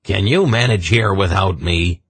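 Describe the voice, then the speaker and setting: A man's voice: low voice, unhurried, fairly bright tone, husky, no room sound, full character voice. A man voicing a gnarled, boastful little hunchback sorcerer who teases in a mock brogue. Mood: cocky.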